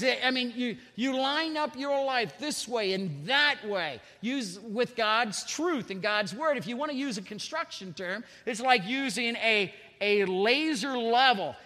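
A male pastor preaching a sermon, building to loud, shouted climaxes and leading the congregation in repeated phrases. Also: very high-pitched. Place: church sanctuary. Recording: long reverb of a church hall.

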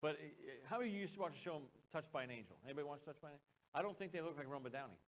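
Man, American accent, pastor, sermon, conversational, fairly high voice. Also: expressive, racing, slight background noise, poor audio. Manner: conversational, with joking asides and questions to the congregation.

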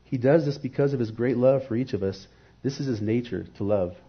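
Husky-voiced man preaching earnestly. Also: mid-range voice, a little fast, lo-fi sound. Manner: earnest, reflective, rhetorical questions. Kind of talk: devotional sermon.

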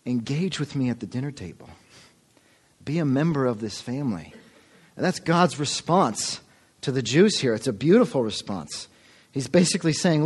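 A man's voice: medium pitch, lively intonation, normal speed, husky. A man preaching a sermon as pastor, earnest and calling his listeners folks. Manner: earnest, addresses the congregation as folks.

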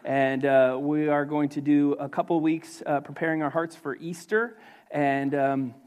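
A pastor preaching to his church in a fairly high male voice. He talks loosely and conversationally, often pausing on fillers and restarting his sentences. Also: flat delivery, darkish tone. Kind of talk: sermon.

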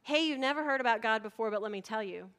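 Woman pastor, middle-aged, sermon delivery, animated storyteller who acts out voices, higher-pitched. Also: quick pace.

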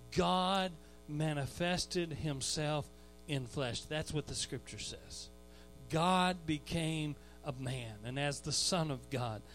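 Male pastor, sermon, slow delivery, slightly high voice, shouted emphasis, repeated words, faint background music. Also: low-quality recording. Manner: builds to shouted emphasis on key phrases; repeats words when restarting. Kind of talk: expository sermon.

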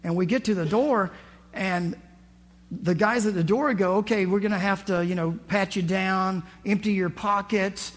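A man's voice: high-pitched, normal speed. A man preaching a sermon in a conversational way, acting out scripture and quotes with rising emphasis. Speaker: pastor.

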